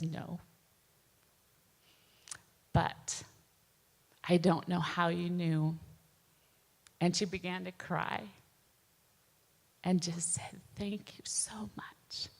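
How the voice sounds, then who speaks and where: Slow, gentle woman in a reverberant hall. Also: on the low side. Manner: slow, gentle and earnest, with soft pauses. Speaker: speaker sharing a personal testimony. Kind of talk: personal testimony talk.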